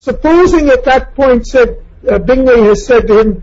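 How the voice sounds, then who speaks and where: A man's voice: very high voice, animated, normal speed, a little mellow, slightly rough, muffled recording. A man giving a reflective lecture on a novel, asking questions and acting out quoted lines in passing.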